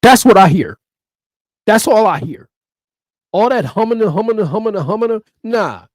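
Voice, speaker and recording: A man's voice: high voice, lively intonation, normal speed, dry recording, clean studio sound. A man ranting through sports opinion commentary, emphatic and repeating his points over and over.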